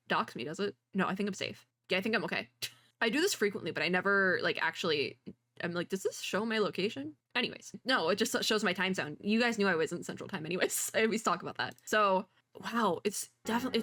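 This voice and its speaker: Woman, bright tone, animated pitch, excitable, chatty reaction commentary. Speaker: VTuber reacting to an animated short. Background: faint music from the video.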